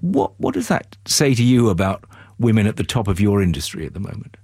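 Male radio interviewer, lowish voice, gravelly and husky, conversational with restarts, dry studio sound. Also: very animated, darkish tone, dry recording. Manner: conversational, halting restarts when asking questions. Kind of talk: broadcast interview.

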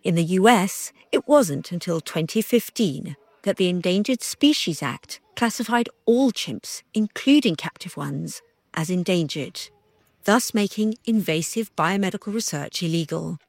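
A woman giving calm, measured scripted documentary narration. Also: on the low side, no echo.

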